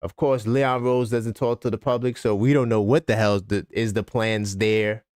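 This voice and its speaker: A man hosting a live sports talk stream, ranting casually with lots of fillers and sudden jumps in pitch. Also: normal speed, smooth, dry recording, clean studio sound. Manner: animated, conversational, frequent fillers. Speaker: sports talk livestream host.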